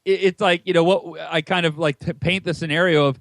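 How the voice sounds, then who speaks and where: Animated American man telling a story. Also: moderate pace, no echo. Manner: animated, acts out quoted dialogue in a higher voice. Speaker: podcast guest, author. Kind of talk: casual storytelling interview.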